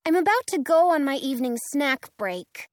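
A woman's voice: high-pitched, very animated, normal speed, no echo, clean studio sound, pitched above the performer's own voice. A woman reading aloud voices a polite Munchkin guard, speaking earnestly and dropping hints.

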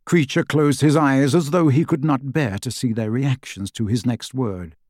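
Male audiobook narrator, measured and expressive, mid-pitched, dry booth sound. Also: dry recording. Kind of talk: scripted narration.

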